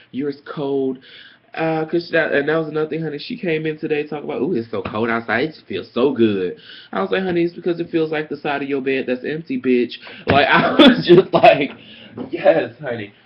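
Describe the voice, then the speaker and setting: A young man telling a story about a petty coworker in a sassy, profane, dramatic rant, like a casual vlog. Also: mid-range voice. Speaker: vlogger. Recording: dull lo-fi webcam audio.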